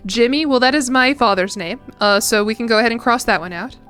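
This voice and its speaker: A woman's voice: a little high, fast, fairly bright tone, smooth, faint music behind. A young woman streamer chatting casually while playing a game, rambling and self-deprecating with frequent giggles. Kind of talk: casual chat while gaming.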